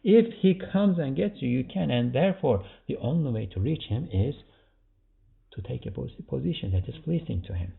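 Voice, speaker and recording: A man's voice: mid-range voice, animated, moderate pace, gravelly. A man teaching a religious commentary podcast, reading a passage aloud and then explaining it in plain words, with rhetorical questions. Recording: tinny phone-like audio.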